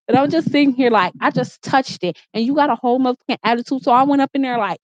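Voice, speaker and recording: A woman's voice: high-pitched, rapid-fire, few pauses, no echo. A woman vlogger telling a heated, profane storytime rant from her room, repeating herself as she gets riled up. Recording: dull, slightly muffled sound.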